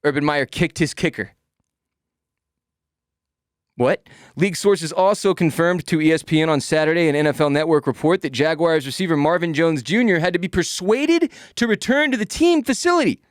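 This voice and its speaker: A man's voice: on the high side, normal speed, dry recording, clean studio sound. A man hosting a sports podcast, ranting in a profane, exasperated way. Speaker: podcast host. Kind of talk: casual sports podcast rant.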